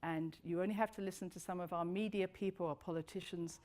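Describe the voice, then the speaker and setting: A middle-aged woman giving a lively talk to an audience, swooping high for emphasis and dropping low and soft. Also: fast.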